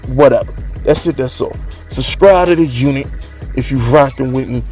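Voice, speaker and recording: A man's voice: medium pitch, moderate pace, darkish tone, faint music behind. A man hosting a sports fan channel, ranting brashly and trash-talking rival fans. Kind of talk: casual fan rant.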